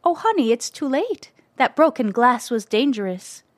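Woman doing comforting storybook mom, soft and kind. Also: sing-song, normal speed, dry recording. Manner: soothing, higher and brighter. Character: gentle, comforting mother.

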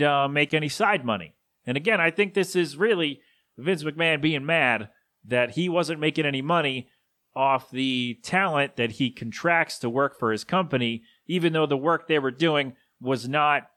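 A man hosting a solo podcast, talking casually and with strong opinions, often correcting himself and sometimes slipping into a gruff put-on voice for quick impressions. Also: a little high, pushed and bright. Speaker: podcast host. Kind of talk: solo rambling podcast talk.

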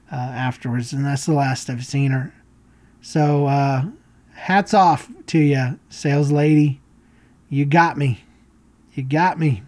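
Slow-talking man telling a funny story. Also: mid-range voice, a little mellow. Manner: rambling, self-mocking, chuckling. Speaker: podcast host. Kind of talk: casual storytelling.

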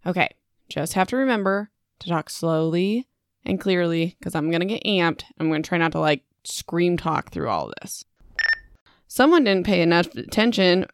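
A woman's voice: on the low side, clean tone, no echo. Young woman rambling on her book podcast, laughs at her own flubs, dry close mic. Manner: chatty, self-mocking, laughs at her own slips. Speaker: podcast host. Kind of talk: casual book podcast chat and outtakes. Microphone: home podcast microphone.

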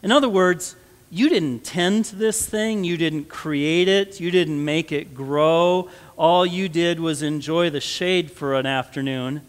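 A man's voice: a little high, a little slow. A man with a Midwestern American accent preaching a sermon, conversational and then rising to emphatic stresses. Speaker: pastor. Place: church sanctuary. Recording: long church reverb.

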